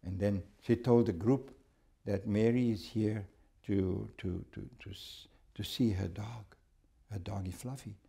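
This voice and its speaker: A man from South Africa teaching a church Bible lesson, telling stories in a conversational, halting way with many repeated words. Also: on the low side, steady tone, creaky, dark tone, husky. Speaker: Sabbath school teacher.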